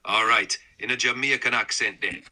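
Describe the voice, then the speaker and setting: A computer-made male assistant voice with a very bright tone and a breathy edge. It plays through a phone speaker. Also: medium pitch, steady tone, normal speed, rough recording. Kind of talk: synthetic assistant speech.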